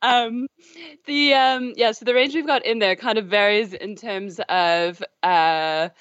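A woman guest in an interview, explaining things in a measured way with many fillers, on a dry, slightly dull recording. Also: mid-range voice, fairly even intonation, fairly bright tone, no echo. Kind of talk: interview answers.

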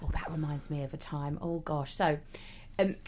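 A woman co-hosting a late-night radio chat, chatty and quick to giggle. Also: deep voice, fairly even intonation, crowd noise. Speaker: radio co-host.

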